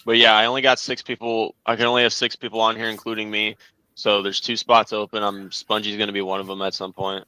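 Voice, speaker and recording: A man's voice: fairly low pitch, little pitch movement, fast, sharp tone, clear, resonant tone, dry recording, rough recording. A man hosting a casual gaming stream, teasing his guests and swearing freely. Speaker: stream host.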